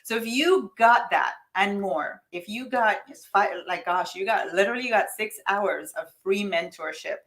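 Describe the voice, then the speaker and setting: A woman's voice: mid-range voice, moderate pace, few pauses, a bit bright. A woman with a lot of energy leads a live online coaching session on money mindset. She speaks emphatically and directly to her viewers, as if each one were in the room with her. Now and then she reads their typed comments back to them. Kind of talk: live-streamed motivational coaching talk.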